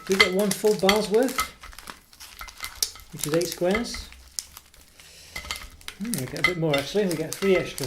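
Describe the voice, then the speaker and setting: A man's voice: a little high, very noisy. A man casually reviewing a chocolate product. He rambles and hesitates, full of ums and self-corrections, and pokes fun at himself. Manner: self-deprecating.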